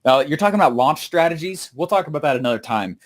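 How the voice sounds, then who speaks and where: Host, male, fairly high voice, animated storyteller fielding live questions. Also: quick pace. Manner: energetic storyteller, many fillers and repeats. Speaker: host answering viewer questions. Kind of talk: live stream Q&A chat.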